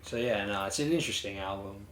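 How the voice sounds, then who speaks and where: A man with a lowish, fairly bright voice talks fast while co-hosting a casual music review podcast, rambling with lots of fillers and restarts. The recording sounds roomy, with faint ambient noise.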